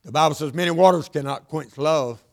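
An older man preaching a sermon, repeating lines for emphasis and swinging between loud and hushed delivery. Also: on the high side, brisk, vocal fry.

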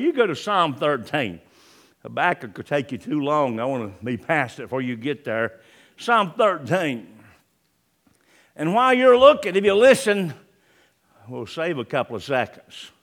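A man preaching a sermon, swinging between loud emphatic lines and hushed ones, and reading scripture in old-fashioned wording. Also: sits high. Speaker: pastor.

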